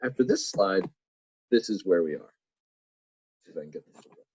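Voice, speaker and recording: A man's voice: deep voice, lively intonation, normal speed, a little mellow, breathy edge, poor audio. A man teaching a church Bible lesson in a playful way, full of jokey asides to his listeners.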